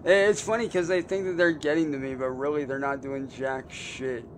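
Young male streamer, loose chatty talk, a bit high, faint background hiss. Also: normal speed. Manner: loose, swearing, mocks trolls, excitable about cars. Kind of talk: casual live game-stream chat.

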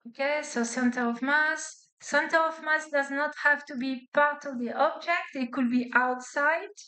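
A woman with a high, bright, forceful voice lectures on physics a little slowly, her English accented as a non-native speaker's. She builds the explanation step by step, checking in with students through frequent "okay?" and "right?" The hall echoes around her.

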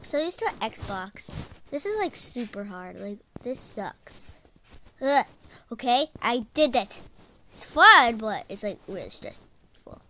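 Bright, lively female gamer voice. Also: fairly high pitch, takes it slowly, a little hiss or hum, low-quality recording. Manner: stressed, exclaiming, says "like" a lot. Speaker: gaming channel host. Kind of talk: casual gameplay commentary.

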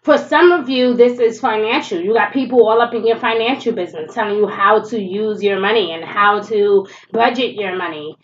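A woman's voice: mid-range voice, normal speed, hardly any pauses, lo-fi sound. A woman giving a casual tarot reading, chatty and blunt, swearing freely and laughing often, with a stuffy nose from allergies. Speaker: tarot reader.

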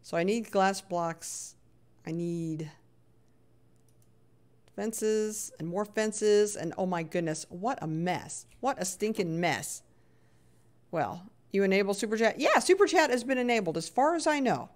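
A woman's voice: medium pitch, lively intonation, unhurried. A middle-aged woman talks her way through a live game stream in a loose, chatty voice. She plays up her annoyance, grumbles at the game and reads messages from chat aloud as she goes.

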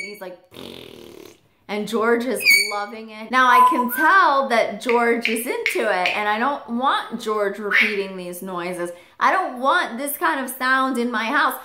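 A woman vlogger tells a story at home with a lively, bouncing voice that sits a little high. She acts out the quoted lines herself. The room is echoey, and loud background noise from pet parrots runs throughout. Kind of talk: storytime vlog.

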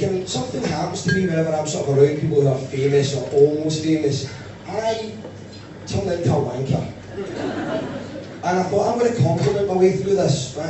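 A high-pitched man with a strong Glaswegian accent tells stories on stage in an animated way. He is heard from a distance in a very echoey room, with clear noise behind him. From Scotland. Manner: animated storytelling, bursts into loud shouting impressions. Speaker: stand-up comedian. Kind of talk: stand-up comedy set. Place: live venue with audience.

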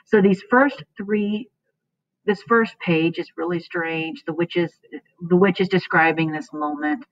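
Woman teacher, casual chatty explaining, lots of fillers, fairly low voice, dull dry recording. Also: unhurried, a little hiss or hum. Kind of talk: explaining a play to students.

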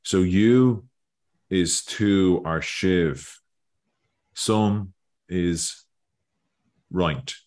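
Man, very low voice, rambling casual lesson host on a video call. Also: extremely slow, pauses often, darkish tone. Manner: rambling, thinking aloud, repeating words. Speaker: Irish learning video host.

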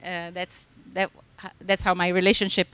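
A woman's voice: fairly low pitch, level tone, normal speed, fairly bright tone, clear, resonant tone, no echo. Woman author, thoughtful, with a dry sound. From Italy. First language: Italian. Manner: thoughtful, with many fillers and restarts. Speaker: author on a panel. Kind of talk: festival panel discussion. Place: stage at a literary festival.

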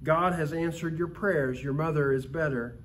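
A man reading the part of a gentle, wise aunt who speaks softly and reassuringly. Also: fairly high pitch, steady tone, moderate pace, a little hiss or hum, close to an everyday voice. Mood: tender. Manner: soft, tender, reassuring. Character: gentle, wise middle-aged aunt, kindly and patient.

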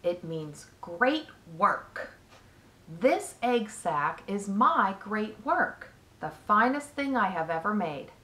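A woman voicing a wise, gentle female spider who talks slowly and calmly in a storybook reading. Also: medium pitch, heavily acted. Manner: slow, calm, measured. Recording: echoey room.

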